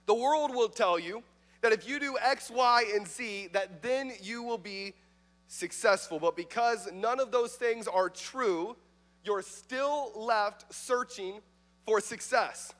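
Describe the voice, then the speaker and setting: High-voiced youth pastor, chatty. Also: male voice, slow, fairly bright tone. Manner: chatty, joking, many likes and fillers. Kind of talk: youth sermon. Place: church youth service. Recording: reverberant church hall.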